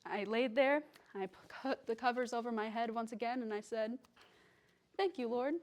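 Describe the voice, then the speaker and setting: A woman's voice: on the high side, fairly even intonation, fairly quick. A young woman, a guest speaker, telling a personal story to a church congregation in a casual, chatty way with many fillers. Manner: casual storytelling with fillers, acts out quoted lines.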